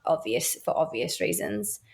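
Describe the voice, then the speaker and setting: A woman's voice: sits low, very animated, a little slow, vocal fry, slightly rough. An Australian woman talking earnestly as a guest midwife in a podcast interview, acting out quoted voices as she tells stories.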